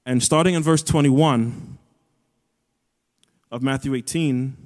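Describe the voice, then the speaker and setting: A man's voice: medium pitch, takes it slowly. Earnest man preaching in a big hall. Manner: earnest, builds to raised emphatic peaks. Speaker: pastor. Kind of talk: sermon. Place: church auditorium. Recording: long hall reverb.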